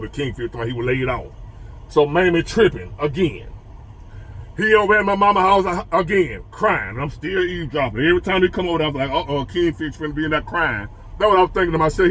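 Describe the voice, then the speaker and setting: A man with a high voice that swings all over as he talks. His tone is bright and sharp. He tells a story and preaches advice to other men, hammering key phrases again and again. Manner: animated, preachy, repeats phrases for emphasis. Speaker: motivational storyteller.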